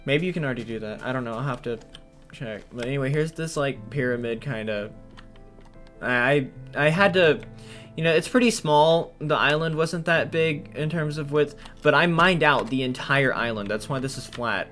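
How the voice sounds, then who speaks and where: A man giving casual gameplay commentary, thinking aloud with lots of ums and sudden excited bursts when an idea strikes. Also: medium pitch, moderate pace, soft background music.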